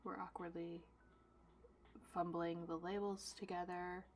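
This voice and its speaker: A young woman artist chatting casually while she packs her own orders, dramatic and self-mocking, swinging between loud bursts and soft asides. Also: fairly low pitch, flat delivery, measured pace. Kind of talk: casual vlog chat.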